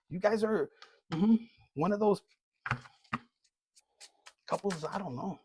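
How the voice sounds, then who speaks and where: A man's voice: high voice, darkish tone, slight background noise. A man giving a casual collective tarot reading, blunt and profane, joking and dropping in Spanish slang. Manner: reads card messages aloud slowly. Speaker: tarot reader.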